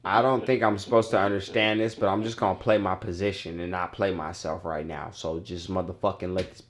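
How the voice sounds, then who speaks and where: A man's voice: sits low, fairly even intonation, fairly quick. A man co-hosting a podcast, chatting loosely with jokes and slang. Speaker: podcast co-host. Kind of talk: casual chat.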